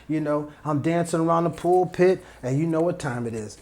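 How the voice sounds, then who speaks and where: A man's voice: on the high side, moderate pace, darkish tone. A man hosting a solo podcast, talking in a loose, conversational way and often repeating phrases for emphasis. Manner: repetitive, emphatic, digressive street-casual talk. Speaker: podcast host. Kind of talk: solo motivational podcast monologue.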